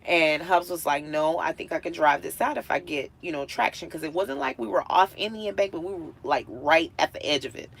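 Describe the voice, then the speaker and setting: A woman vlogger telling a story casually to her viewers, animated and acting out what people said. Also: low-pitched, a little fast, vocal fry, hardly any pauses, slightly rough. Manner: animated, acts out quotes with big swings in loudness.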